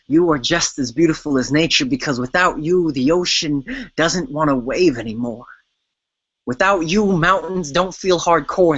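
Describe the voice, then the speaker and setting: A man's voice: fairly high pitch, bright, forceful tone, no echo, highs cut off. A man performing a spoken word love poem with an intimate, playful, rhythmic delivery.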